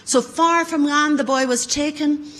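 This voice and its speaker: A woman telling a folktale to an audience in a conference room, growing loud and dramatic in the battle scenes. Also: high-pitched, steady tone, measured pace, rough recording. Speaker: storyteller. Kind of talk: oral folktale storytelling.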